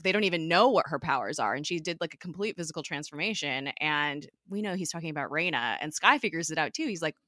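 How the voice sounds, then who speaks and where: A woman hosting a podcast, recapping a TV episode in a chatty way, full of fillers and quick giggles. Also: low voice, expressive, sharp tone, no echo, studio quality.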